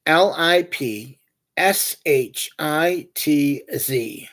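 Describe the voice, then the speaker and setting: A man's voice: a little high, takes it slowly, a bit bright. A man hosting a livestream, chatting casually and telling meandering, joking anecdotes. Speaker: livestream host. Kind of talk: casual rambling chat.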